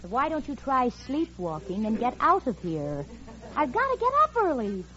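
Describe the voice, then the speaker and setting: Wisecracking, exasperated roommate. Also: female voice, high-pitched, huge pitch swings, moderate pace, a loud crowd, very noisy. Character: sensible, exasperated young working woman. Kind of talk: 1940s radio comedy acting. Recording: dull old radio recording with studio audience.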